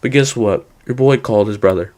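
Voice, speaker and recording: A man's voice: lowish voice, a little fast, darkish tone. A young man casually telling a rambling personal story, full of fillers and "he goes" quotes.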